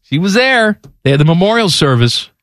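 A man's voice: high-pitched, very animated, fairly quick, fairly bright tone, no room sound, studio quality. A man in his forties hosting a sports radio show, with casual, irreverent, wisecracking banter. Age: 40s. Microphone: studio microphone.

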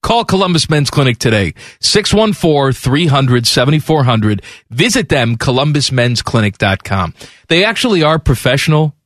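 A man's voice: mid-range voice, sing-song, normal speed, fairly bright tone, no room sound, studio quality. A man co-hosting sports talk radio, joking wryly and reading ads with a playful edge.

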